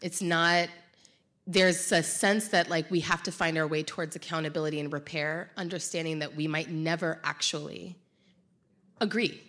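Woman with a low voice, reflective, pauses to find words. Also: fairly even intonation, fairly bright tone. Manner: thoughtful, searching for words. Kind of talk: reflective conversation.

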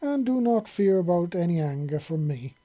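A man's voice: high-pitched, expressive, moderate pace, warm tone, pitched above the performer's own voice. A man voicing a proud alien huntress who speaks in a declaiming manner.

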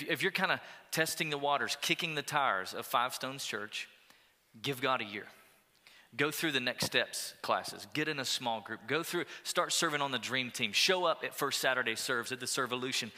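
A man preaching a sermon as pastor, energetic and urging, with call-and-response asides to the congregation. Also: medium pitch, long reverb tail. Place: church auditorium.

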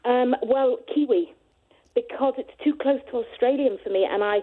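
Woman caller, slightly high voice, chatty and hesitant, tinny phone line. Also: normal speed. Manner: chatty, hesitant, stumbles over words. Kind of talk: casual phone-in chat.

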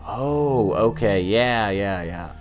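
A man's voice: lowish voice, animated, slow, music in the background. A man co-hosting a podcast in casual comedic banter, rambling with hesitant fillers and laughing often. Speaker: podcast co-host.

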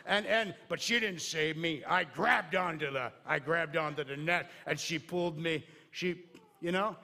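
Man putting on a boastful little male bug, loud excited bragging, comic sermon aside. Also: a little high, measured pace, creaky, heavily acted. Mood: boasting. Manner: excited storytelling, loud and animated. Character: boastful small male bug rescued from a pool.

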